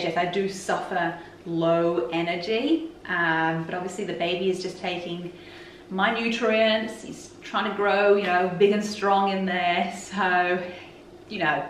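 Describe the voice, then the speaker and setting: A woman vlogger talks openly and frankly to camera in a casual chat. Her voice is lowish and sounds distant, with a roomy echo and a little hiss or hum.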